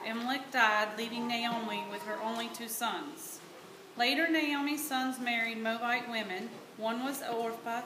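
A woman with a Southern American accent narrating a Bible story aloud in church as a volunteer reader. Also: on the high side. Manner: plain steady storytelling read. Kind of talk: reading scripture narration. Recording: echoey church room with hiss.

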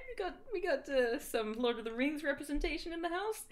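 A woman's voice: high voice, a little fast. A young woman reading fan fiction aloud on a stream, joking and laughing along. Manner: animated, laughing, joking asides.

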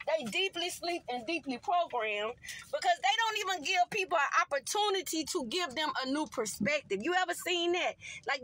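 High, bright-voiced woman vlogger. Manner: animated, slangy, addresses viewers directly. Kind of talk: casual storytelling monologue.

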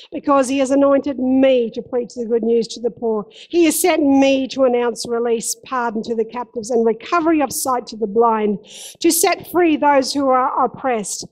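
A woman's voice: sits high, darkish tone, low-quality recording. A woman pastor preaching a sermon in a church, impassioned and emphatic, repeating key phrases. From Australia.

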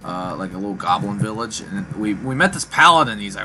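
A man with a lowish voice rambles, swears and spins loose stories as he casually commentates his gameplay, talking a bit fast with few pauses. His laid-back voice sits under loud game music, and the audio quality is poor.

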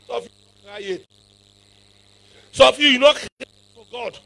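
A man preaching a revival sermon, shouting in bursts and calling on the congregation to answer him. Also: very high voice, huge pitch swings, unhurried, gravelly. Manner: shouting, call-and-response preaching with sudden loud bursts.

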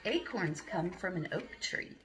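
Woman, preschool teacher, storytime read-aloud, unhurried and encouraging. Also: lowish voice, very animated, noisy background. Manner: slow, questioning, encouraging. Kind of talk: reading a picture book to young children.

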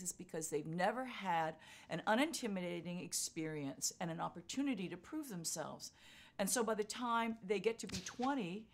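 An older woman being interviewed, telling a story with lively acted-out quotes. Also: mid-range voice, gravelly. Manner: vivid storyteller acting out quotes. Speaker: interviewee, marathon runner.

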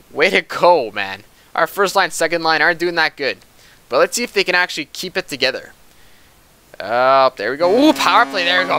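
A young man giving casual, excitable commentary over a hockey video game, talking to the players on screen. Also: medium pitch, clean tone. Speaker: gaming commentator.

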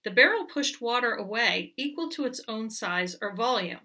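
A woman teacher reading a picture book aloud to children, explaining clearly, recorded from a distance. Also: on the high side, animated, normal speed, bright, forceful tone.

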